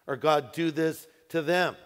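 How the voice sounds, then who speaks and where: Man preaching in a reverberant hall. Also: on the high side. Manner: preaching with emphatic rises and slowed, stressed phrases. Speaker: pastor. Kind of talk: sermon. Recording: echoey hall with long reverb.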